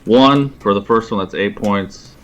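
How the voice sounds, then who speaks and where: Slow-talking man at a game table. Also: on the low side. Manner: slow, unsure. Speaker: player. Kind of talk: casual game talk.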